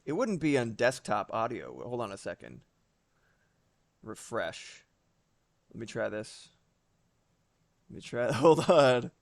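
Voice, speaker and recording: A man chatting casually on a live stream while he draws, animated and swearing freely, with quick asides. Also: medium pitch, creaky.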